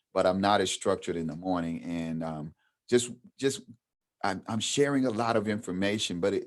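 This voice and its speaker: A middle-aged man leading a training workshop, talking in a loose conversational way with frequent ums and restarts. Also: deep voice. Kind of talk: casual workshop teaching.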